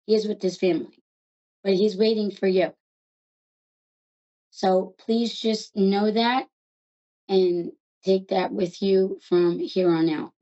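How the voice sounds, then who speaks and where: Chatty New York woman hosting a psychic call-in, mellow and a little muffled. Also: medium pitch, fairly even intonation. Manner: fast, chatty and affectionate, calls callers love. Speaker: psychic reader host.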